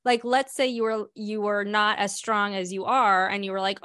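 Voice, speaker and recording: A woman co-hosting a chat show, blunt and quick to react, swearing freely. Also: medium pitch, flat delivery, fairly bright tone, clear, resonant tone, dry recording, clean studio sound. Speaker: podcast co-host. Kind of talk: casual chat.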